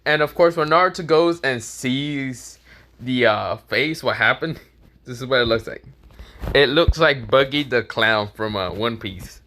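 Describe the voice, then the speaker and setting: Rambling, bright-voiced male storyteller. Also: mid-range voice, unhurried. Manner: rambling, stops for lost words, laughs at own jokes. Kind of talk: casual fan-fiction storytelling.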